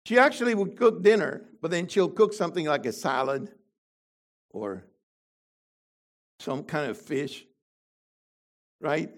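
An older man preaching a sermon to a congregation, animated and full of rhetorical questions. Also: a little high, a little slow, long pauses.

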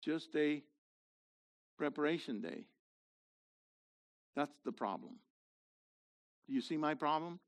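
A man's voice: a little high, animated, slow, pauses often. A man leading his congregation in a sermon, asking them questions and building to emphatic, rhetorical peaks. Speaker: messianic congregation leader.

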